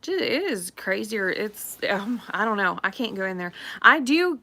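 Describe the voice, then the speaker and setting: A woman's voice: medium pitch, sing-song, normal speed, pushed and bright. A middle-aged woman, a real estate agent chatting casually on a live stream, rambling and laughing often.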